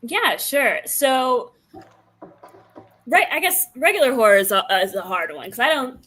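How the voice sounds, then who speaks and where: A woman's voice: fairly high pitch, animated, measured pace, bright, forceful tone, breathy edge. A woman from New York, a filmmaker answering interview questions casually, thinking aloud with fillers. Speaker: filmmaker guest.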